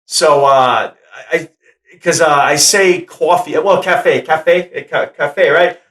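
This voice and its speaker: Brief: man, Rhode Island accent, actor guest, slightly high voice, loose rambling talk, echoey room. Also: slow, fairly bright tone. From Rhode Island, USA. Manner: rambling, repeats himself, laughs often. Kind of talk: casual interview chat. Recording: roomy echo.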